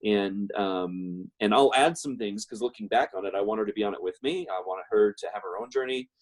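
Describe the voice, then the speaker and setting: Husky man telling a personal story. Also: lowish voice, a little fast. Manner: rambling, many fillers and restarts. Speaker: guest speaker.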